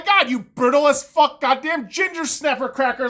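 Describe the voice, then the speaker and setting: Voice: sits high, normal speed, a bit bright. A podcast host alone in a room, ranting about basketball with constant swearing and heated bursts. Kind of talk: solo sports rant.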